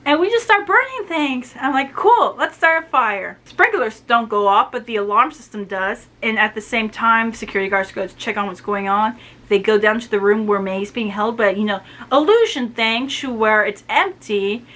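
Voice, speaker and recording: A woman casually recapping a novel's plot, retelling scenes with quick asides and quoted dialogue. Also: fairly high pitch, a bit bright. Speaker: book reviewer.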